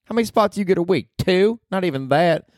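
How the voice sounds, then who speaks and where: A high, swooping voice of a rough young woman from the rural Ozarks, as a man puts her on. She drawls, sneering and cursing with open scorn. The sound is dry and close. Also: animated, fast, a little mellow, no room sound. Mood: scornful.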